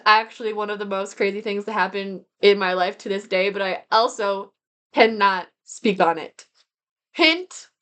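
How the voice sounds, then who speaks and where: A woman's voice: medium pitch, fairly bright tone. A young woman in her twenties chatting casually to camera in a rambling monthly recap, full of "like" and "um". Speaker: vlogger.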